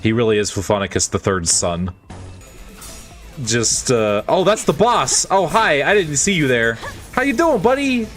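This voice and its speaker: A man's voice: mid-range voice, measured pace, faint music behind. A man streaming a game, cracking jokes and reading its dialogue aloud with silly put-on voices. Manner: animated, jokey, breaks into silly voices.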